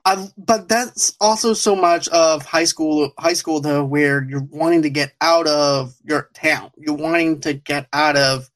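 A man's voice: fairly high pitch, unhurried, few pauses, fairly bright tone. A man hosting a podcast, reviewing a TV show in casual chat, rambling and laughing often. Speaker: podcast host.

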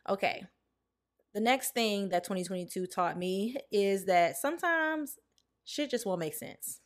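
A woman's voice: mid-range voice, expressive, a little slow. A woman in her late twenties hosting a reflective solo podcast, talking candidly and heartfelt, speaking straight to her listeners. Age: late 20s. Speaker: podcast host.

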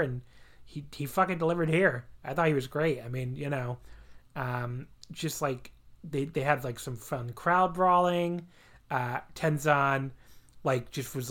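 A man co-hosting a casual wrestling podcast, rambling and animated, laughing often and swearing casually. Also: a little high. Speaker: podcast co-host. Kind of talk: casual wrestling review chat.

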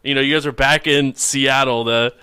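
A man's voice: medium pitch, fairly even intonation, normal speed, sharp tone, smooth, no room sound, clean studio sound. A man narrating a tabletop game as game master, describing scenes and laughing often.

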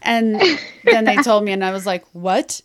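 A woman's voice: medium pitch, animated, moderate pace. A woman podcast host telling stories expressively, swearing and laughing often. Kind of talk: animated anecdote telling.

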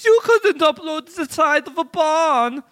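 Man doing a high, smug German tycoon voice with a comic accent. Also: animated, takes it slowly, a bit bright, heavily acted. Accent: put-on German accent. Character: man, put-on German file-sharing mogul, high and smug.

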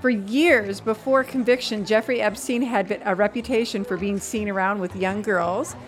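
A woman's voice: medium pitch, fairly even intonation, faint music behind. Brief: woman in mid range, worn out but chatty and playful. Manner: chatty and playful, quick to joke. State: tired. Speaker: podcast guest. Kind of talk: casual chat.

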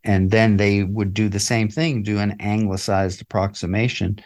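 A man's voice: fairly low pitch, little pitch movement, moderate pace, a little mellow. An older man, a guest in an interview, recalling his past in a reflective, chuckling way with many fillers and restarts. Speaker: interview guest, musician and author. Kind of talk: casual interview storytelling.

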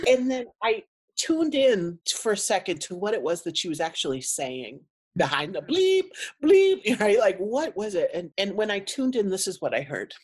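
A woman guest on a podcast interview, telling a story in an animated way and acting out what people said. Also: mid-range voice, measured pace, slightly rough. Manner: animated storyteller, acts out quotes. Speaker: guest, nonprofit co-founder.

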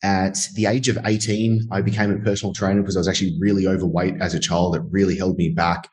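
Brief: low-voiced Australian man in his thirties, candid guest, rambling, filler-heavy. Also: level tone, fast talker, darkish tone. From Sydney, Australia. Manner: candid, uses many fillers like "like" and "uh". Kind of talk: storytelling interview.

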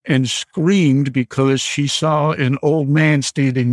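A man in his seventies from Michigan, calling in and telling a personal story slowly and deliberately, with many pauses. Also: medium pitch, fairly even intonation, no room sound. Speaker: caller telling a ghost story. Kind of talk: storytelling on a radio call.

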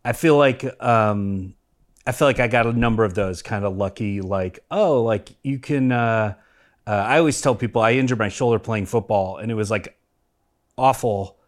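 A man hosting a podcast in casual chat, easygoing and quick to react and laugh. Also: on the low side. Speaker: podcast host.

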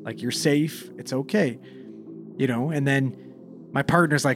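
A man's voice: mid-range voice, measured pace, faint music behind. A young man, a paramedic, casually telling a call story, swearing freely and acting out the dialogue.

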